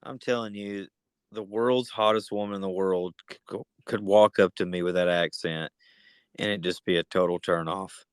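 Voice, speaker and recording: A tired man co-hosting a podcast, chatting casually with excitable, teasing banter. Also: low-pitched, moderate pace, smooth, dry recording. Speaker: podcast co-host. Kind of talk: casual chat.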